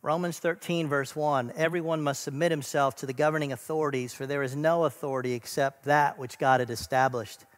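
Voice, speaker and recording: A middle-aged man preaching a sermon, earnest, building to emphatic lists and then dropping to a soft, quiet close. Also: a little high, steady tone, fairly quick, hardly any pauses, big-room sound. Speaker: pastor.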